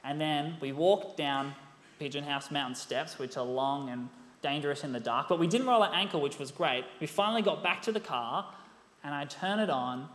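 Animated young preacher in an echoey hall. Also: male voice, on the high side. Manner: animated storytelling, rhetorical questions. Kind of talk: sermon. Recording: echoey hall, long reverb.

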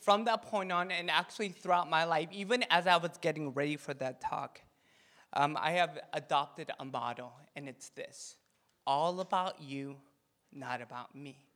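Man, pastor, high voice, bright tone, animated sermon, playful asides. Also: moderate pace. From Korean heritage. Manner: animated, jokey, leads call-and-response chants. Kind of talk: sermon talk.

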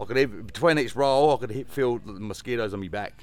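A man's voice: medium pitch, normal speed, dry recording. A man with an Australian accent, a guest telling a story in rambling casual conversation, swearing often and leaning on fillers.

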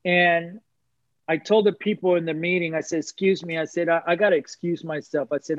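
Man, high voice, heartfelt testimony, preacherly repetition; dry, slightly muffled audio. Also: steady tone, fairly quick, no room sound. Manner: earnest, preacherly, repeats phrases for emphasis. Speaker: guest sharing testimony. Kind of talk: emotional personal testimony.

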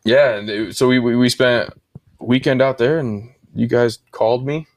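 A man's voice: medium pitch, steady tone, normal speed. A man co-hosting a podcast, telling rambling stories in casual banter and swearing freely. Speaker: podcast co-host.

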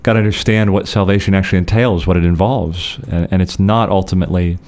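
A man co-hosting a podcast, explaining theology in a measured, conversational way with frequent restarts. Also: sits low, fairly even intonation, a little mellow.

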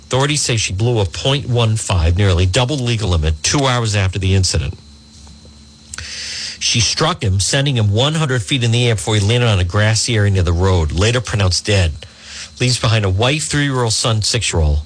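A man's voice: fairly low pitch, lively intonation, fairly quick, breathy edge. A middle-aged man hosting a talk radio show, reading a news story aloud and adding indignant asides.

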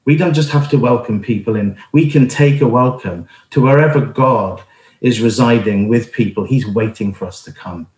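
A man's voice: mid-range voice, normal speed, a little mellow. Middle-aged guy preaching casually, earnest, lots of ums and restarts, roomy echo. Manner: earnest, conversational, frequent fillers and restarts. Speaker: church planter and speaker. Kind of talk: informal sermon with personal story.

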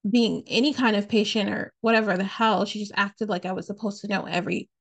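A podcast host with a medium-pitched, steady, creaky voice talks briskly through a personal story. She's candid and blunt, swears freely, and fills her sentences with "like" and "you know."

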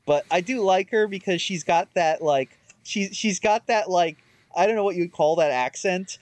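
A man's voice: high voice, moderate pace, no room sound. A man co-hosting a podcast, chatting casually about old cartoons with many fillers and restarts. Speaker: podcast co-host. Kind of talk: casual chat reviewing cartoons.

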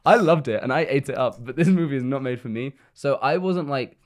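Young man, casual film chat, rambling, laughs a lot, mid pitch. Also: a little fast, noisy background. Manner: chatty, rambling, laughs often.

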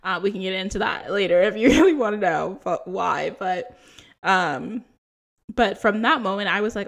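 This woman's mid-range voice is creaky and moves at a moderate pace. She's a twenty-something podcast host sharing personal stories casually, full of laughter and filler words like "like" and "um."

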